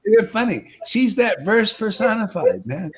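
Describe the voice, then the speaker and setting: Emphatic man preaching in loose, excited bursts. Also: medium pitch, moderate pace. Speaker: spiritual teacher leading discussion. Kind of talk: informal preaching discussion. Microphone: live stream.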